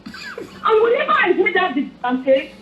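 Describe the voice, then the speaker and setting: A woman's voice: very high voice, sing-song, unhurried, background noise. A Nigerian woman from Edo State calling in to a talk show, giving impassioned, angry political commentary and pleading again and again. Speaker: phone-in caller. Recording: echoey tinny phone line.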